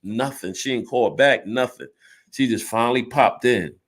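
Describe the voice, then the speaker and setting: With a medium pitch and a moderate pace, a man in his fifties bluntly tells a story from his life. He swears without restraint and plays out both sides of an argument.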